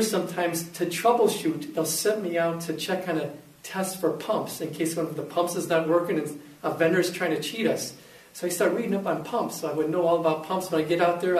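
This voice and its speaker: A high-voiced man tells a personal story with animated acted-out quotes. He sounds a little distant from the mic, in a room with a noticeable echo. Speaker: speaker giving a faith testimony. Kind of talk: storytelling talk.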